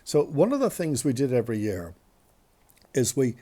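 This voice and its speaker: A man's voice: medium pitch, wildly swooping pitch, normal speed, warm tone. A male radio host telling embarrassing stories in a chatty, self-deprecating, rambling way. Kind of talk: anecdotal storytelling.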